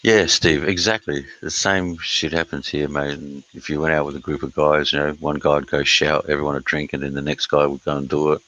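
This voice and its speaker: A middle-aged Australian man chatting casually on a live stream, reading chat aloud, blunt and sweary with many filler pauses. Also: rumbling low, level tone, sharp tone, no echo, low-quality recording.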